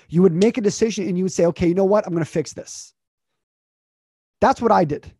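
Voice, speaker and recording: Energetic man coaching with rising questions. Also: high-pitched, quick pace, pauses often, breathy edge. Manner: energetic, repeats himself, builds questions. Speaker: communication coach. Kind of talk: motivational interview chat.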